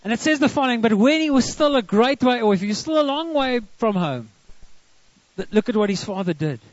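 A man's voice: very high-pitched, expressive, brisk, no echo. A South African man preaching a sermon as pastor, counting off his points and dropping into homely family stories. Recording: dull lo-fi recording.

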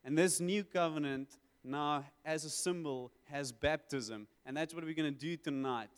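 A man preaching a sermon, conversational with quick asides and emphatic swells. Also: a little high, clear, resonant tone. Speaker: pastor. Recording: hall with long reverb.

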